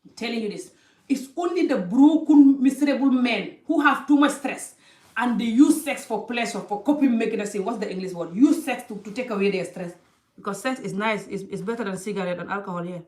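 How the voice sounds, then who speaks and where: A woman with a slightly high, darkish voice talks a little fast, giving passionate life advice straight to camera. Her impassioned monologue is emphatic, repeats phrases for stress, and uses non-native English grammar. She sounds somewhat distant from the mic in an echoey room.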